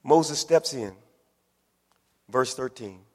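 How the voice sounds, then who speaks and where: A man preaching a sermon, using repetition and rhythmic build-ups that rise into shouts. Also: mid-range voice, slow. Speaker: pastor. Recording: long reverb of a large hall.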